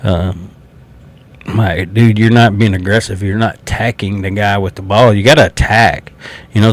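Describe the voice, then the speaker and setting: A man from South Carolina with a Southern accent, talking football as a fan in a blunt, swearing, laughing casual way. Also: fairly low pitch. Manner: blunt, swears freely, laughs between remarks. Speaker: sports fan podcaster.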